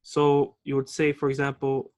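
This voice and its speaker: A man's voice: medium pitch, monotone, normal speed. A man teaching a classroom grammar lesson, explaining patiently, checking in with the class and switching between two languages. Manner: explains patiently, checking with "okay?" and "all right?"; switches between English and Arabic. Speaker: Arabic teacher.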